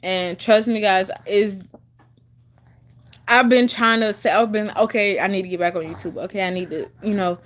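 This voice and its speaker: A woman's voice: medium pitch, fairly even intonation, moderate pace, a bit bright. Chatty young woman vlogging, chewing gum. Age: 20s. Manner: chatty, many fillers and restarts. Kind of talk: casual chat to camera.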